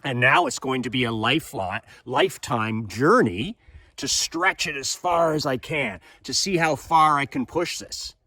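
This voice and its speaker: A motivational speaker in his fifties gives a fervent monologue, firing off rhetorical questions and hammering home his points through repetition. His mid-range voice has a sharp tone, and there's no echo.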